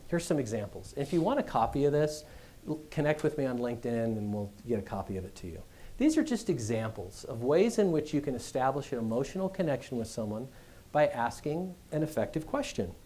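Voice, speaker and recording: A middle-aged man giving a business school address, telling stories in a conversational, animated way. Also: mid-range voice, a little fast. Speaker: guest speaker.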